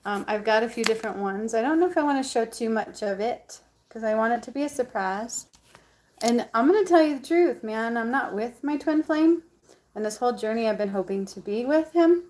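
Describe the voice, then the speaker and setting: A woman's voice: on the high side, lively intonation, a little fast, darkish tone. A woman chatting casually to her camera as a vlogger, bubbly and full of ums and likes.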